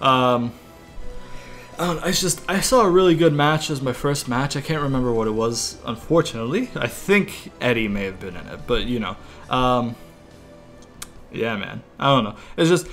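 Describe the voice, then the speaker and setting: A man sits at his desk mic talking over his own gameplay in a loose, rambling way. He curses often, trails off mid-thought and bursts out at every move on screen. His pitch sits right in the everyday middle for a man. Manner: rambling, profane, reacting loudly to the game. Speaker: gaming channel host. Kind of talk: casual gameplay commentary. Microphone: desk microphone.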